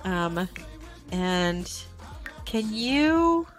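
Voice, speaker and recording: A woman's voice: mid-range voice, sing-song, extremely slow. A woman streaming a game live, gushing and talking to her game characters as she plays. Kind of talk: live-streamed gameplay commentary. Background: game music.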